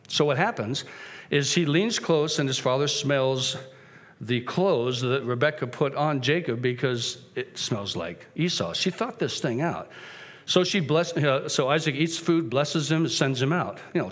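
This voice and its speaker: A man's voice: mid-range voice, fairly bright tone. A man giving a sermon as a guest preacher, retelling the story casually and acting out the characters' voices.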